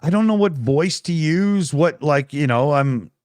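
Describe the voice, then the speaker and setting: A man's voice: on the high side, a little slow, no echo. A middle-aged Canadian man co-hosting a casual chat, telling stories with laughs and swearing. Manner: animated, laughing, swearing storyteller. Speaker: co-host.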